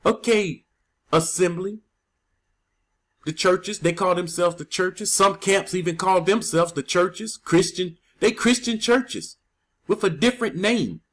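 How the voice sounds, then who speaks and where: A man preaching a scripture teaching, stressing key words with slow, drawn-out emphasis. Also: high-pitched.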